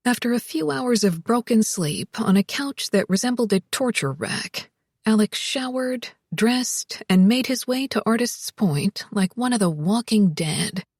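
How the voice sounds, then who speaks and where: A woman reading an audiobook in a measured, even storytelling manner, close to the microphone. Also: fairly high pitch, husky, no room sound. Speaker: audiobook narrator. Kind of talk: scripted audiobook narration.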